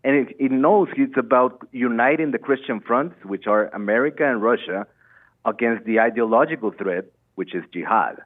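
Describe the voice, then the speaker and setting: A man's voice: medium pitch, normal speed. A man calling in to a talk show, rambling earnestly about politics and repeating himself. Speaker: caller. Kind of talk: phone-in political rant. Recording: tinny phone line.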